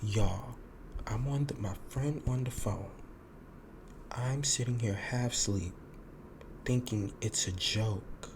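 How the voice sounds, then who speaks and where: A podcast host tells a casual story as a monologue, animatedly acting out quoted lines and swearing a lot. His voice is medium in pitch and slow, with frequent pauses and noise in the background.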